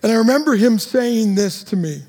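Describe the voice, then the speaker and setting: A male pastor giving a sermon, earnest and sing-song, dropping to quiet emphasis. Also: high voice, expressive, normal speed. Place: church sanctuary. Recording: long hall reverb.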